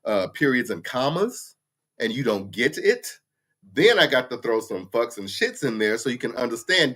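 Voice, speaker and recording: A man's voice: mid-range voice, sing-song, normal speed, fairly bright tone. A man, hosting a casual livestream chat, ranting bluntly with profanity. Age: 50s. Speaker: livestream host. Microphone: computer mic for a livestream.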